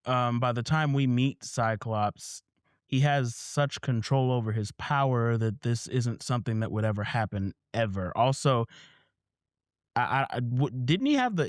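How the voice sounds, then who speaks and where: A man co-hosting a casual talk about comics, reacting with wry quick asides. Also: mid-range voice, dry recording, clean studio sound. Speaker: podcast co-host.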